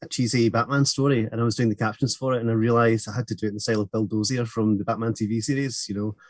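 An enthusiastic man chats as a podcast co-host and laughs easily. His voice sits in a middle pitch. The sound is dry and close. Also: steady tone, racing, dry recording. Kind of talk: casual chat.

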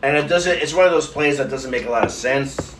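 A man's voice: mid-range voice, fairly quick, slight background noise. Rambling, laughing podcast man. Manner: rambling, self-deprecating, laughs often. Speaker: podcast host. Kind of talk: casual chat.

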